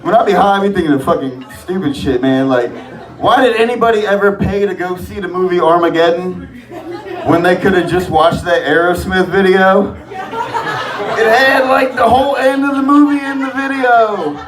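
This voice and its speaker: A man's voice: high-pitched, lively intonation, normal speed. A man doing a profane, rambling open-mic stand-up set on a comedy club stage. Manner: profane, rambling, loose delivery. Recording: echoey club from far off, crowd laughter.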